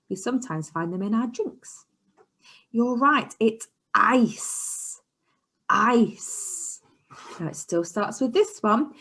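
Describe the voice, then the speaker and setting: A woman teaching a phonics lesson to young children in an encouraging, sing-song way, sometimes dropping to a soft whisper. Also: medium pitch, animated, slow pace, slightly rough. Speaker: early years teacher. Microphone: camera she sets up herself.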